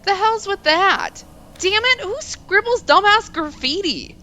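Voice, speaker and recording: A woman voicing a brash, foul-mouthed young man who shouts and snaps, reading game dialogue. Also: very high-pitched, lively intonation, extremely slow, pitched above the performer's own voice, exaggerated voice. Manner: shouting, snapping.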